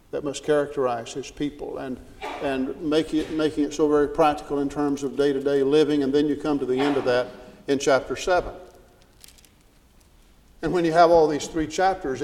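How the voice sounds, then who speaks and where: Earnest preacher in a reverberant hall. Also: male voice, fairly high pitch. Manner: earnest, repeats words when starting a phrase, rises to loud emphasis on scripture. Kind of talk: sermon.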